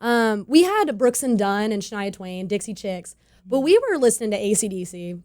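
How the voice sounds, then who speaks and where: A woman's voice: mid-range voice, big pitch swings, normal speed, a little mellow. A woman in her twenties from California, a country singer chatting as a radio guest, bubbly and laughing often. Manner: bubbly, laughs often, acts out quoted voices. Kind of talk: casual interview chat.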